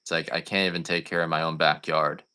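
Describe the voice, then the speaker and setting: A man's voice: extremely low pitch, little pitch movement, quick pace, bright, forceful tone, clear, resonant tone. A man, a coffee farmer selling on a live stream, chatting casually and going off on rambling, joking rants.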